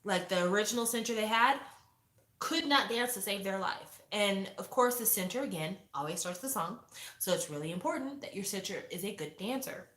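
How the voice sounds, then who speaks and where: A woman in her forties chatting casually to viewers, opinionated and lively, acting out quotes as she reviews a show. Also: medium pitch, normal speed. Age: 40s. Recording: echoey room.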